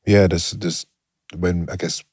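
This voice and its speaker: Male host, very deep and husky, thoughtful and searching. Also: unhurried, dry recording, studio quality. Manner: thoughtful, searching for words, animated when making a point. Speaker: podcast host. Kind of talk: casual conversation.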